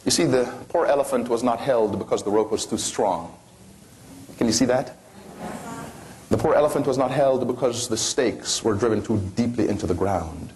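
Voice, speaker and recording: A man's voice: mid-range voice, normal speed, a little mellow, slight background noise. A man giving an impassioned motivational speech to an audience, pressing his points with rhetorical questions and sweeping rises and falls in his voice. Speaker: motivational speaker.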